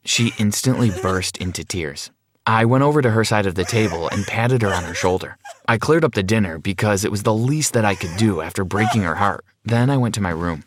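A man telling a scripted first-person story in a plain, steady way. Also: on the low side, fairly quick, slight background noise.

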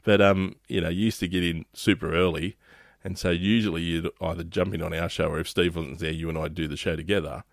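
Very deep-voiced Australian man, dry sound. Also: steady tone, fairly quick, vocal fry, no echo. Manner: rambling, restarts often, laughs easily. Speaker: podcast host. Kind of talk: casual podcast chat.

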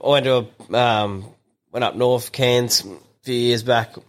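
A man's voice: medium pitch, fairly even intonation, a little slow. A man co-hosting a podcast in easygoing chat. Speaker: podcast co-host. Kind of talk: casual chat.

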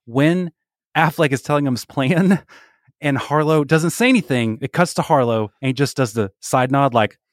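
A man's voice: mid-range voice, normal speed, no echo. A man co-hosting a podcast, chatting casually about sports and pop culture with a dry, jokey manner and plenty of filler words. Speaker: podcast co-host.

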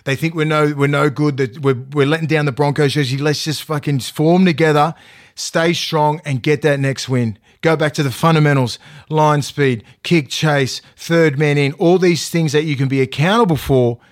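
A man's voice: on the high side, steady tone, moderate pace. An Australian man, a player, talking sport on a casual podcast, blunt and swearing freely as he rants. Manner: blunt, swears a lot, ranting. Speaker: current player and co-host.

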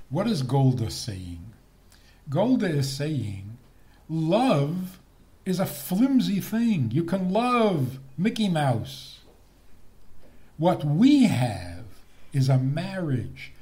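Slow, lively man giving a humorous lecture. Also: fairly high pitch. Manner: playful, chuckles at his own jokes. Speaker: lecturer on marriage.

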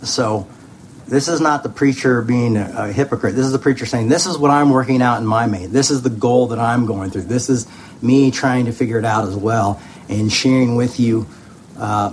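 A male pastor signing off a sermon in a loose, chatty way, often poking fun at himself. Mid-pitched and even, with a faint hiss of noise under the voice. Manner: relaxed, rambling, self-deprecating. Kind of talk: casual sermon sign-off.

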